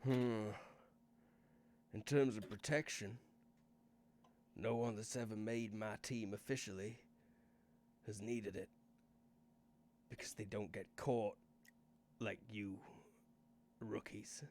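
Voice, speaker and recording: A man's voice: mid-range voice, fairly even intonation, fast, gravelly, hardly any pauses, a little hiss or hum, natural voice. A man voicing a curt, dismissive male spymaster who runs a secret team. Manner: curt, dismissive, calls the players rookies.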